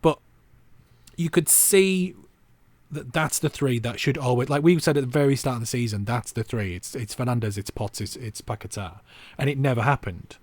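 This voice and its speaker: A man's voice: medium pitch, moderate pace, no echo. A man co-hosting a football podcast, chatting casually and rambling with self-mocking asides. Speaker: podcast co-host.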